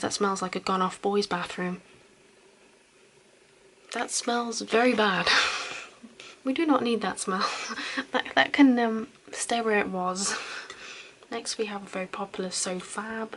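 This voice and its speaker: A young woman doing a whispered role-play as a caring best friend, soft, chatty and reassuring. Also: mid-range voice, a little slow, pauses often, poor audio. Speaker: ASMR host playing a caring best friend.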